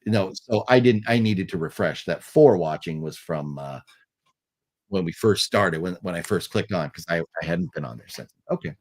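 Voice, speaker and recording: Rambling, easygoing American livestream host. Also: male voice, sits low, lively intonation, moderate pace, darkish tone. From United States. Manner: rambling, many fillers and restarts, friendly. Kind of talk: casual live chat reading super chats.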